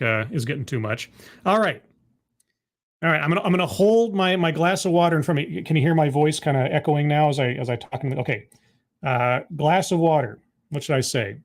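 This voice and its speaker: Streaming from home, a commentary host reacts to a talk clip with sarcastic, mock-earnest remarks and stammered repeats. His voice is medium in pitch.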